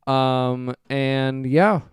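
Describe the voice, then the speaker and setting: A man hosting a casual podcast, very tired and laid-back, with halting "uh"s between phrases. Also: mid-range voice, steady tone, clean tone, no echo, clean studio sound. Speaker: podcast host.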